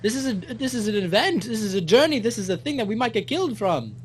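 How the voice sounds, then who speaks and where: Blunt young male player, animated pitch. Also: fast, slight background noise. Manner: blunt, insistent. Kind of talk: in-character tabletop play.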